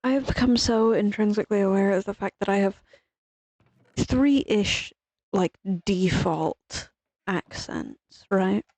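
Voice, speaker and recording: A woman's voice: medium pitch, slow pace, a little mellow, no echo, rough recording. A woman from Ireland with an Irish accent, rambling casually while she plays a game and swearing freely. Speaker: streamer. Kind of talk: casual gaming chat.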